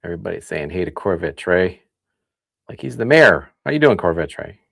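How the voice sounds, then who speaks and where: A man from the Midwest hosting a casual livestream, chatting and thinking out loud as he reads comments. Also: low voice, sing-song, fairly quick, vocal fry, no echo, studio quality. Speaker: livestream host. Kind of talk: casual tasting livestream chat.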